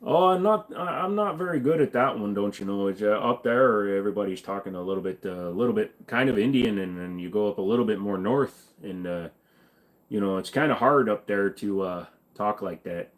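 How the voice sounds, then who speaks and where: Male streamer from Virginia, low-ish voice, crude and jokey, casual chat with viewers. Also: a little fast. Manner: crude, joking, reads chat aloud. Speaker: live stream host.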